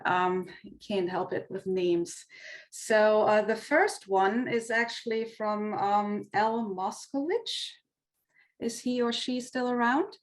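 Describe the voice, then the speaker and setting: A woman with a German accent, a native German speaker, moderates an online Q&A. Her delivery is hesitant, full of ums and restarts. She speaks at a middle pitch over a video call. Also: slow pace. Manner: hesitant, many fillers and restarts. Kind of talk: webinar Q&A moderating.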